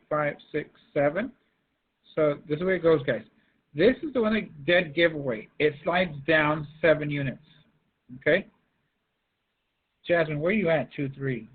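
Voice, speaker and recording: A male math teacher leads an online lesson, calling on students by name and pressing them to respond. His voice sits a little high and husky. It comes through a tinny, phone-like line from a video call. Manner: coaxing, calls students by name. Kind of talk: online class lecture.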